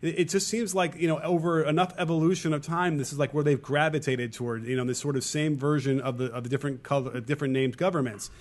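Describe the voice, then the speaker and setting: A man's voice: on the high side, fairly even intonation, fast talker, hardly any pauses. Wry man thinking aloud on a podcast. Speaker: podcast co-host. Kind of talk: political discussion podcast.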